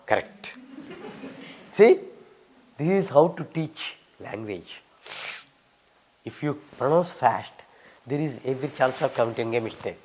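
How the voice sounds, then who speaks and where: A man's voice: on the high side, slight background noise, low-quality recording. An older man, a scholar, answering questions and drilling Sanskrit pronunciation, reciting verses as he explains. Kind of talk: teaching pronunciation in a Q&A.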